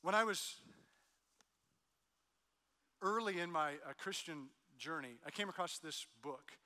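Bright-voiced pastor preaching in a reverberant hall. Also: male voice, on the high side, lively intonation, unhurried. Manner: storytelling, with soft quiet lines and loud emphatic peaks. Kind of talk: sermon.

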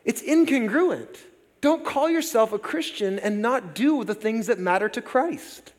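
Male pastor, 40s, high voice, lively conversational sermon with humor, hall reverb. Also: unhurried. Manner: lively, conversational preaching with jokey asides. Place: church sanctuary. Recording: long reverb of a large hall.

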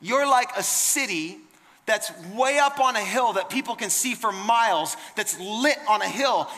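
A man's voice: extremely high pitch, pushed and bright, in a large hall. A man preaching a sermon in an emphatic, conversational way, often repeating words and restarting phrases. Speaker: pastor.

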